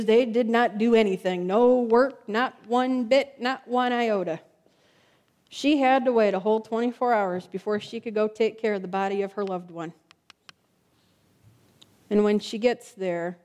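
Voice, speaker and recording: A woman's voice: on the high side, normal speed, darkish tone. A woman preaching a sermon, retelling stories emphatically with lots of repetition.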